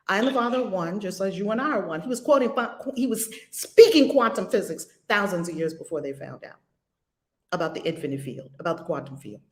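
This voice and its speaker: A woman's voice: medium pitch, reverberant. A woman leading a spiritual lesson at home, asking many rhetorical questions in an emphatic way. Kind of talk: spiritual teaching with questions to a student.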